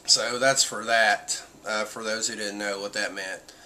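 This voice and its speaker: A man's voice: on the low side, steady tone, a little slow, pushed and bright, slight background noise. A man casually reviewing a manga chapter, rambling through the story with many fillers and acting out quotes.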